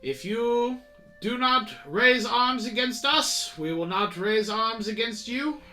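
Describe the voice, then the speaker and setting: A man's voice: extremely high pitch, lively intonation, takes it slowly, bright, forceful tone, soft background music, voice pushed up, full character voice. A man voicing a stern naval captain who barks formal commands in a raised voice. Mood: commanding.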